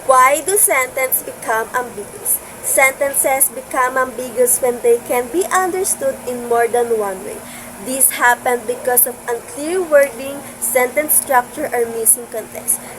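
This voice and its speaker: A woman's voice: high-pitched, unhurried. Young woman reading class slides aloud. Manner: steady, explanatory reading. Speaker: student presenter. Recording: home recording with clear background noise.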